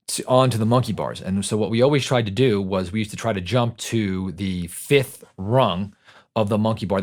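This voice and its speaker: A middle-aged man hosting a podcast, telling a casual story in a conversational way and often checking in with the listener. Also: lowish voice. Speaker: podcast host.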